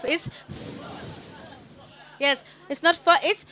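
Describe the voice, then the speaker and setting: A woman with an Indian accent running a phonics workshop for teachers, sounding out letters slowly and repeatedly as she quizzes the group. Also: sits high, fairly even intonation, pushed and bright, some chatter behind. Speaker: teacher trainer.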